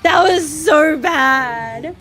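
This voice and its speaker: A woman's voice: sits high, fairly bright tone. A woman streaming a game in casual chat, dramatic and whiny, swearing freely as she talks.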